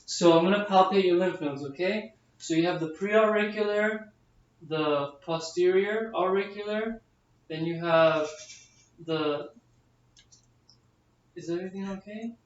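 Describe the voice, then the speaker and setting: Sounding distant and echoey through dull camera audio, a male nursing student describes each stage of a head-to-toe assessment aloud, his speech full of fillers. The voice sits high and moves at a measured pace.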